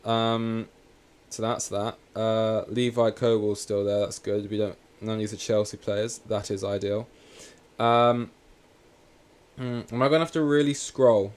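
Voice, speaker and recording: A man's voice: fairly low pitch, level tone, a little slow, a little mellow, smooth. A young man hosting a podcast, rambling through a casual football chat with sweary, wry complaints. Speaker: podcast host.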